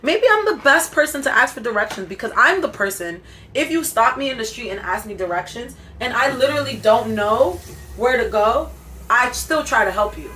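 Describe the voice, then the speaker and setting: A young woman vlogs straight to her viewers in a candid, self-reflective way, with an African American Vernacular English accent. Her voice is bright and sits a little high, and she keeps coaching herself toward confidence as she talks. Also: lively intonation, normal speed, slight background noise. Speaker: vlogger. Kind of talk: casual vlog talk to camera.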